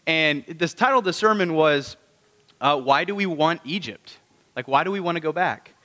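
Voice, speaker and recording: A man's voice: a little high, expressive, normal speed, pushed and bright, big-room sound. A man preaching a conversational sermon. He keeps asking the congregation rhetorical questions. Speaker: pastor.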